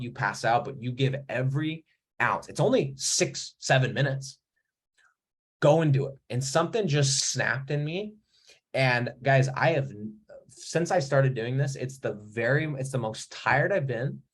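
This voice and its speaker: A husky-voiced man in his thirties, speaking casually and bluntly to his audience, with plenty of profanity. He tells his story in a mid-range voice and punches up key moments. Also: mid-range voice, expressive, a little slow. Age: 30s. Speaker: mentor. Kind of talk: casual motivational talk to camera.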